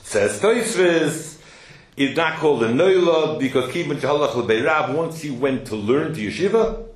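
A man's voice: a little high, normal speed. A man teaching a Torah class, telling stories with plenty of Hebrew and Yiddish terms and often asking "hello?" to prod his listeners. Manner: animated storyteller, asks "hello?" to prod listeners. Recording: echoey room with faint noise.

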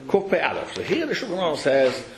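A man teaching a study class, explaining a text to his students in an animated, questioning way and calling on them by name. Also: on the high side, quick pace, a crowd in the background. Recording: echoey room.

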